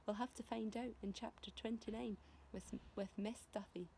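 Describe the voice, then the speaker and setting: A woman teacher reading a children's book aloud, expressive, with dramatic pauses. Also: fairly high pitch, creaky, slight background noise. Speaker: primary school teacher.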